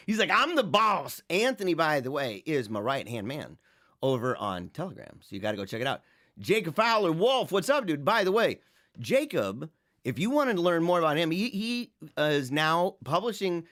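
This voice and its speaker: Animated man hosting a casual livestream. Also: a little high. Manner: animated, restarts often, chuckles, swings from loud to quiet. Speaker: host.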